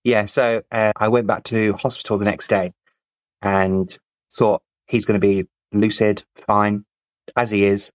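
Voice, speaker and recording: Male podcast guest, low voice, candid storytelling, dry sound. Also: little pitch movement, a little slow, no echo, low-quality recording. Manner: candid, matter-of-fact retelling. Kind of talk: personal storytelling in an interview.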